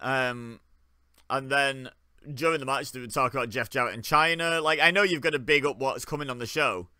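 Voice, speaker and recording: A man's voice: mid-range voice, fairly quick, sharp tone, smooth, dry recording, clean studio sound. A young man giving wry, joking commentary while watching along, often laughing. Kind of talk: casual live commentary.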